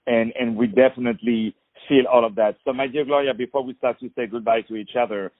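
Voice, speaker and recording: Man with a French accent, radio host, effusive and halting, phone-line sound, dry. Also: medium pitch, fairly even intonation, no room sound. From France. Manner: effusive, praising, halting with fillers. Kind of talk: phone interview.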